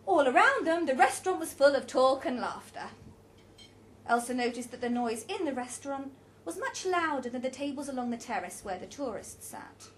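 A woman narrating a story in an even, measured reading voice. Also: sits high, a little hiss or hum. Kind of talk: audiobook narration.

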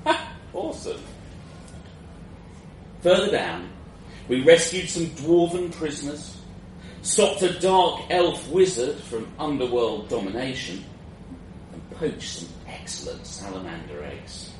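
A man's voice: mid-range voice, sing-song, a little slow, a little mellow. A man narrating a first-person fantasy story in a wry, self-mocking way, in a roomy, distant, noisy recording.

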